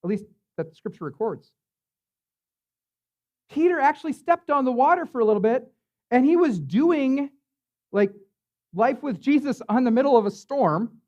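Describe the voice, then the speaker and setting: High-voiced pastor preaching casually. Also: male voice, big pitch swings, normal speed, pauses often, a little mellow, highs cut off. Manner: conversational, filler-heavy preaching with tag questions. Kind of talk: sermon. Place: church.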